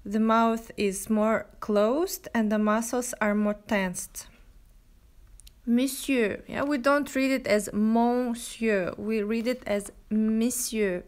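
A woman French teacher reviewing her textbooks, talking slowly with many pauses, "uh"s and "yeah?" checks, reading example words aloud. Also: fairly high pitch, fairly even intonation. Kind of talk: language lesson, book review.

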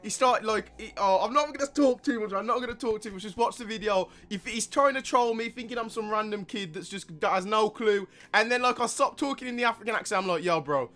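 A man's voice: high-pitched, fast, few pauses, a bit bright. A young man hosting a gaming channel, giving a rambling, slangy, hyped intro. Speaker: YouTube gaming host. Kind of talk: casual video intro.

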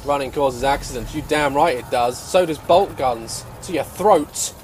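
A man hosting a let's-play, loud and excitable, swearing and taunting enemies as he plays. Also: fairly high pitch, moderate pace, slight background noise. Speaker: gaming video host.

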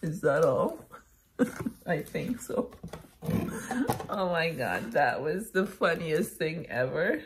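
At home by a table, a middle-aged Canadian woman opens a parcel for her vlog, gushing and laughing often during the casual unboxing chat. Her voice is low and sing-song, her delivery slow with long pauses, and the background is noisy.

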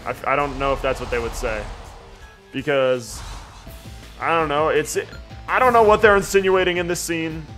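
A jokey let's play host rambling through casual gameplay commentary. His voice sits a bit higher than most men. Faint game music runs underneath. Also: moderate pace, long pauses.

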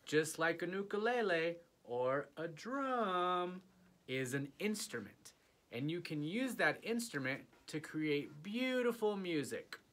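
A man's voice: high-pitched, fairly bright tone. A man teaching an early childhood music lesson, playfully inviting young children to join in with animal sounds and singing.

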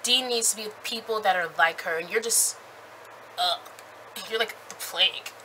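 A woman's voice: mid-range voice, normal speed, pushed and bright, a little hiss or hum, natural voice, low-quality recording. A woman voicing a rude, dismissive young man. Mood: sneering. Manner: blunt, sneering.

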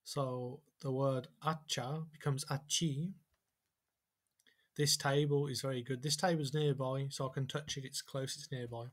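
Man teaching slowly. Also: medium pitch, fairly even intonation. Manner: slow, careful pronunciation of example phrases. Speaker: language teacher. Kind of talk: whiteboard language lesson.

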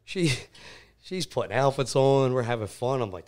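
Animated man telling a wild story. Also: medium pitch, normal speed. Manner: laughing, animated anecdote teller, swears often. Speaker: podcast guest. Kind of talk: casual storytelling.

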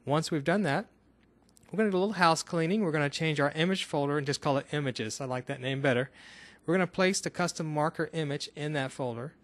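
A man's voice: a little high, fast talker. A man from Northern Kentucky in the US, explaining a screencast coding tutorial step by step in a casual way. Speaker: instructor.

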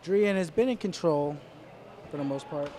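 A man's voice: on the high side, moderate pace, warm tone. A man giving live boxing commentary in a dry, wry way, with many fillers and restarts.

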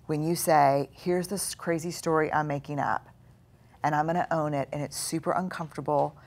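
Woman, low deep voice, middle-aged, earnest storyteller, studio conversation. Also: steady tone, normal speed, darkish tone. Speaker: guest author and researcher. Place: studio with live audience.

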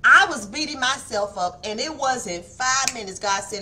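A woman's voice: mid-range voice, moderate pace, few pauses, bright, forceful tone. A woman giving a morning devotional talk, preachy, repeating words for emphasis and calling for responses. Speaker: devotional speaker. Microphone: online stream mic.

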